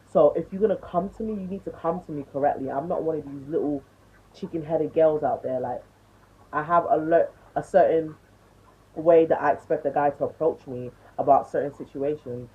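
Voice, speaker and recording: A woman's voice: low voice, normal speed, breathy edge. A woman in her twenties ranting bluntly to camera, swearing and lecturing, on tinny phone-like audio. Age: 20s. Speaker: vlogger.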